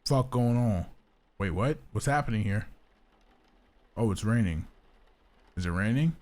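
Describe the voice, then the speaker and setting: Animated young man reacting to a game. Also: on the low side, measured pace. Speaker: gaming YouTuber. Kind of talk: let's play, reading a visual novel aloud.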